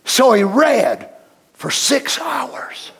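A man preaches, and his voice sits unusually high. He pastors a church and drives his sermon home by repeating phrases, then breaking into shouts. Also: big pitch swings, very slow, vocal fry. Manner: preaching with emphatic repetition and bursts of shouting.

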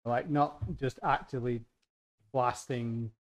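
A man's voice: mid-range voice, fairly even intonation, takes it slowly. A man taking part in a tabletop role-playing game. He rambles and jokes while working out what his character would do, thinking aloud. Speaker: player. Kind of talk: casual tabletop play.

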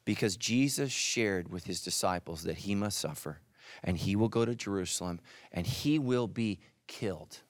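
A middle-aged male pastor preaching a sermon, animated, dropping into soft intense asides. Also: moderate pace, no echo. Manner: animated, voices quoted characters with jumps in pitch.

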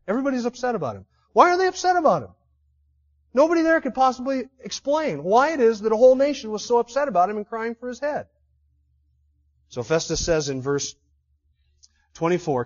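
Male preacher, high voice, vivid storytelling sermon; slightly muffled recording. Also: lively intonation, brisk, long pauses. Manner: vivid storytelling, rhetorical questions to the congregation.

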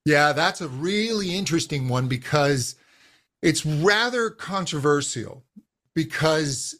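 A middle-aged man with a voice pitched a little high for a man talks as a vocal coach. He explains anatomy and technique steadily and clearly, like a teacher walking a guest through the basics. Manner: calm, instructive, uses physical demonstrations of voice. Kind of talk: explanatory interview answers.

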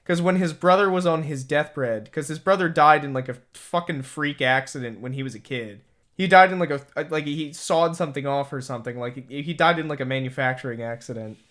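A man's voice: on the high side, a little fast, fairly bright tone. A man from the UK co-hosting a podcast, rambling in casual chat with lots of swearing and filler words. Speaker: podcast co-host.

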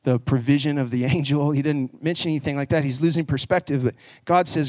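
A man's voice: fairly high pitch, steady tone, fairly quick, hardly any pauses, darkish tone, dry recording. Earnest man preaching a sermon. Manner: earnest, conversational preaching that rises into emphatic passages. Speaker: pastor. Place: church.

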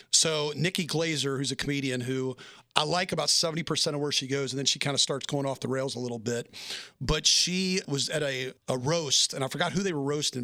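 A man's voice: medium pitch, pushed and bright, no room sound, clean studio sound. A man from Nashville, Tennessee, hosting an interview podcast, telling stories with enthusiasm. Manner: enthusiastic, storytelling. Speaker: podcast host. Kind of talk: casual interview talk.

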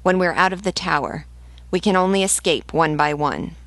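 A woman's voice: fairly low pitch, moderate pace, a bit bright, no echo. A woman reading the lines of a stern aristocratic male rebel commander in a resolute, commanding way.

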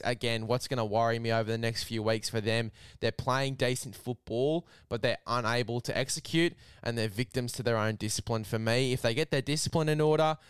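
A man's voice: mid-range voice, clean tone, no room sound, studio quality. A man hosting a casual rugby league podcast, matey and swearing freely, hyping up a sponsor read. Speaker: podcast host.

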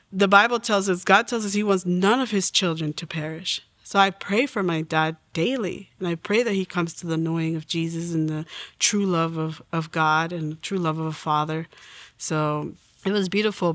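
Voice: medium pitch, a bit bright, dry recording. An adult in their forties telling a personal faith story in an earnest way, acting out the lines they quote. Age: 40s. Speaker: testimony guest.

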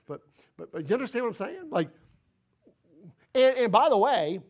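Pastor guy preaching, up high and swings all over, keeps repeating stuff for emphasis. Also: normal speed. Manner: animated and emphatic, repeats words for stress. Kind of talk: sermon.

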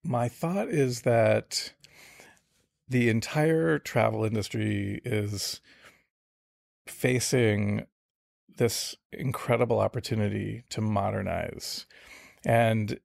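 A middle-aged man answers interview questions about his career in a low, gravelly voice. He talks reflectively and restarts his sentences often. The sound is dry and close. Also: steady tone, slow pace, pauses often, a little mellow, no echo. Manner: reflective, with many fillers and restarts. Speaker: startup founder.

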